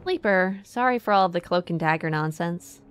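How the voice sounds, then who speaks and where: A woman's voice: lowish voice, expressive, brisk, clear, resonant tone, close to an everyday voice. A woman voicing a cautious counselor woman who speaks in a tight, careful, slightly nervous way. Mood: guarded.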